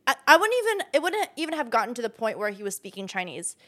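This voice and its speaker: A woman with a slightly high voice cuts in during a casual chat, blunt and full of swearing. She reacts with loud disbelief and quick teasing questions. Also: big pitch swings.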